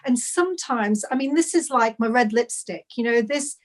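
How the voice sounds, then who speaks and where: High-voiced woman on a video call, gushing about her knitting, rambly, keeps restarting. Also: lively intonation, normal speed. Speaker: knitwear designer. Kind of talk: casual live video chat.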